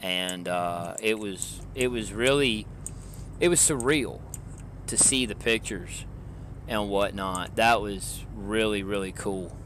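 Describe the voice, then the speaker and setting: A man from Georgia with a Southern accent, chatting with his stream viewers in a relaxed, rambling way, often chuckling. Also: fairly low pitch, takes it slowly, a little hiss or hum. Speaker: live streamer. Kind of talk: casual chat with stream viewers. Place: in a car.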